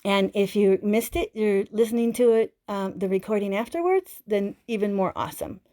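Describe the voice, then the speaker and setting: A woman's voice: mid-range voice, moderate pace, mellow. A woman in her fifties giving an earnest live-stream talk on self-healing, speaking straight to her viewers. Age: 50s. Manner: earnest, repeats herself, speaks straight to the audience. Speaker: self-healing teacher and host.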